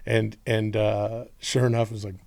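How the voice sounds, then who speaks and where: A man's voice: lowish voice, level tone, moderate pace, gravelly, a little mellow. A middle-aged man chatting casually as a podcast guest, rambling through a family story and swearing freely. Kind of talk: casual chat.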